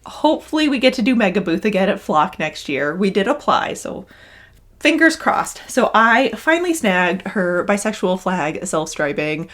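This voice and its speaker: A woman's voice: mid-range voice, sing-song, moderate pace, a bit bright. A young woman chatting casually in her knitting vlog, gushing and rambling with restarts. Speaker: knitting vlogger and yarn dyer.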